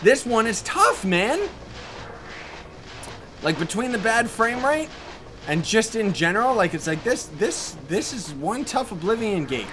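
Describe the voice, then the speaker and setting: A man doing let's play commentary, loud and excitable, often yelling at enemies. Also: high-pitched, measured pace, noisy background.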